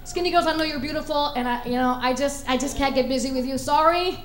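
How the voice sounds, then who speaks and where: A woman doing a stand-up comedy set with an animated, punchy delivery. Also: high voice, quick pace. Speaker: stand-up comic. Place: comedy club stage. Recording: echoey comedy club.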